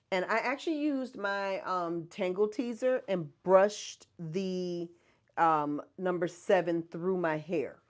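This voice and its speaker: Host, female, low-pitched, chatty livestream delivery. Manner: chatty, answers viewer comments, laughs often. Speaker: host of a hair care brand livestream. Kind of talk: casual livestream chat.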